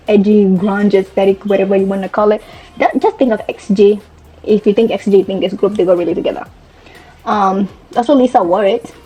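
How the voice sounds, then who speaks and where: Rambling young woman vlogger, mellow. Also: medium pitch, slightly rough. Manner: chatty, rambling, self-correcting. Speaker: fashion vlogger. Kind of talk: casual chat. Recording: faint background music.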